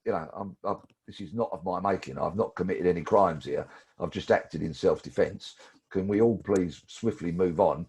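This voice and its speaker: Guest in his 60s, very low husky voice, lively storyteller. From London. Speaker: guest, former police detective. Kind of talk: storytelling interview.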